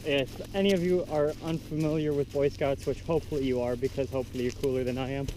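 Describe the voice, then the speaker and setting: A man's voice: medium pitch, steady tone, quick pace, background noise. A teenage boy rambling in a self-deprecating way as he vlogs outdoors at a scout camp. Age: teens. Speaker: vlogger. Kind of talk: casual vlog chat.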